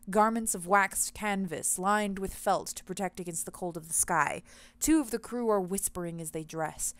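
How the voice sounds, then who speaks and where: A woman hosting a let's play, reading the game's story text aloud and chatting excitedly about it between passages. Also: medium pitch, no echo. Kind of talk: casual gameplay commentary, reading game text aloud.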